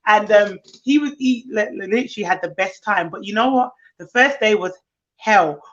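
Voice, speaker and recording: A woman with a mid-range voice speaks at a moderate pace, a nanny and co-host telling lively stories in casual chat. She acts out what the children say, heard through muffled lo-fi stream audio.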